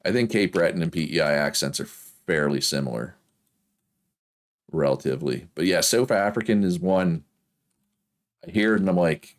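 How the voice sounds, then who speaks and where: A deep-voiced man from Prince Edward Island, with a strong Canadian East Coast accent, streams himself playing a game. He talks at a normal speed but leaves long pauses, chatting casually, rambling, and laughing often.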